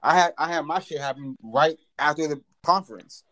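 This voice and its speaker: A man with a fairly high voice, co-hosting a casual podcast chat. He tells rambling, profane stories and laughs through them. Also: brisk, a bit bright. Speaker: podcast co-host.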